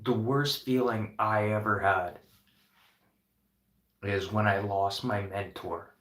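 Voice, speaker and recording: A man who runs a restaurant talks slowly to the camera in a lowish, fairly bright voice with fairly even intonation, the room reverberant. The unscripted motivational talk is earnest and passionate, with swearing in nearly every line.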